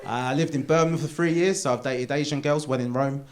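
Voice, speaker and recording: A man doing a live stand-up set in a theatre, animated and jumping into high put-on voices for characters. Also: a little fast. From Essex, England. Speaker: stand-up comedian. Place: theatre stage. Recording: live theatre recording with audience noise.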